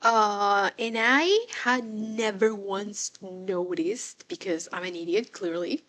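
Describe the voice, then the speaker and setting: Excitable, swearing young woman reviewer. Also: mid-range voice, slow pace. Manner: excitable and swearing, with frequent laughs. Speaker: show reviewer. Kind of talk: casual reaction commentary.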